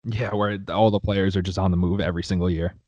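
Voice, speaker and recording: A man's voice: low-pitched, steady tone, fast talker, dark tone, dry recording. A man co-hosting a casual sports podcast, talking in a profane, heated way. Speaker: podcast co-host. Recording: dry, slightly dull sound.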